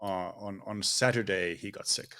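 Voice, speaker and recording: A man's voice: fairly low pitch, fairly even intonation, normal speed, pushed and bright. A man in his thirties, a podcast co-host, talking in an easygoing casual chat and explaining things at length.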